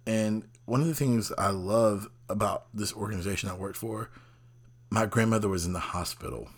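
A man with a fairly low voice hosting a casual motivational talk. He rambles in an easy conversational way, with restarts, and slips into quoted exchanges as he goes. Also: moderate pace, breathy edge. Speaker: host.

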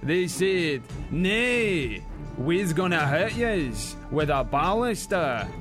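Guy doing a brash old warrior spinning a huge tall tale, pitched way up, loud and swaggering. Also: very animated, slow, music in the background. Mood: boastful. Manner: swaggering, dramatic storytelling in a broad put-on brogue.

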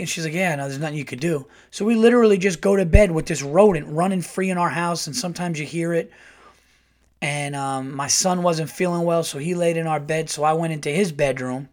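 Profane, animated podcast host. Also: male voice, on the high side. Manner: animated, profane, quotes family members in quick bursts. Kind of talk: casual storytelling monologue.

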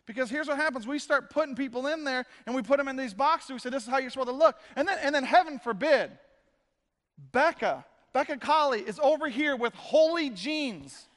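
A pastor with a strikingly high voice preaches in a casual, joking manner. He keeps slipping in quick quoted asides. His words ring out with a long hall echo. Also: lively intonation, a bit bright. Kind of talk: casual sermon. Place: church sanctuary.

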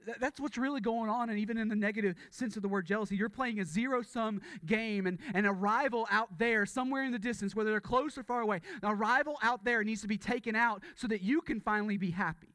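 A male pastor with a somewhat high voice delivers a casual, conversational sermon. He often restarts his phrases and checks in with the congregation through rhetorical questions. The sound is dry and close, with no room echo. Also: fast, few pauses, fairly bright tone. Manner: conversational, repeats words, asks rhetorical questions.

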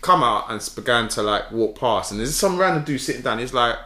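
Man, slangy animated storyteller, bright tense voice, echoey room. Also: medium pitch, brisk. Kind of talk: casual chat storytelling.

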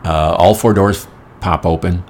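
A man's voice: deep voice, steady tone, measured pace, a little mellow, a little hiss or hum. A middle-aged man telling casual, rambling anecdotes in a wry, profane manner. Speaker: storyteller.

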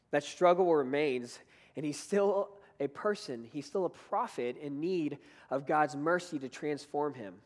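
A man with a fairly high voice preaches a sermon in an earnest, conversational way, building toward emphatic points. A long reverb tail follows his words.

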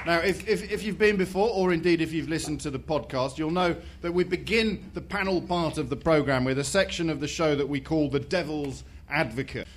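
A man's voice: on the high side, fairly quick, hardly any pauses. A man hosting a comedy panel show, reading upbeat introductions of the guests. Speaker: host.

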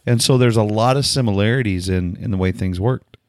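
Low-voiced man, casual chat. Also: fairly quick, dry recording, clean studio sound. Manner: relaxed, adds his side to his partner's story. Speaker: co-host telling their wedding story.

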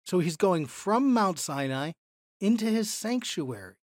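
A man teaching a Bible lesson, explaining verses slowly and deliberately and lifting his voice for emphasis. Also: high-pitched, very animated, dry recording, clean studio sound. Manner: explanatory, slow and deliberate, voice lifts when emphasizing.

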